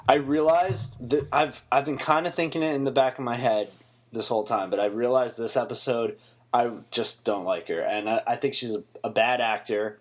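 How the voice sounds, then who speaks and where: A man in casual conversation, reviewing a TV episode with blunt, mocking opinions and plenty of swearing. His voice sits at an average pitch and he talks in an easygoing, offhand way. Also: steady tone, moderate pace. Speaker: podcast co-host.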